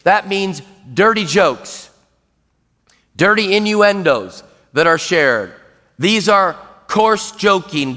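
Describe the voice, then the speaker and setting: A man preaching a sermon as pastor, emphatic, dropping into low grumbles when acting out what people mutter. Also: pushed and bright. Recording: long reverb in a large hall.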